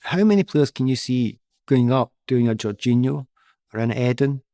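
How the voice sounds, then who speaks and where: A man's voice: medium pitch, normal speed, dry recording, studio quality. A middle-aged man, a former footballer, telling anecdotes in an interview and laughing often as he goes. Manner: laughs often, animated storyteller.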